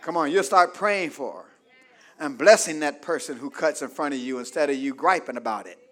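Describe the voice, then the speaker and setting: A man pastor a sermon with call-and-response, swinging from loud exclaims to soft asides. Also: a little high, moderate pace.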